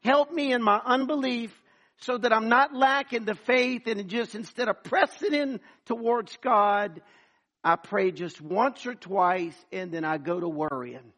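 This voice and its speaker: High-voiced preaching man. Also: expressive, a little slow, a bit bright. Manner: preaching with acted-out voices and calls to the congregation. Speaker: pastor. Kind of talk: sermon.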